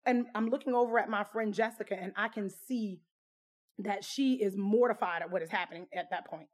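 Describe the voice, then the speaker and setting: A woman's voice: mid-range voice, a little fast. Woman telling a personal story, candid. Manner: candid, conversational, full of fillers.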